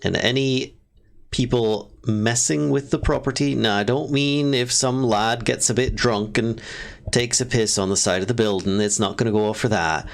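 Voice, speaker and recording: A man doing a brisk dwarf guard woman. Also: mid-range voice, gravelly, natural voice. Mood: businesslike. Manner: businesslike, folksy talk.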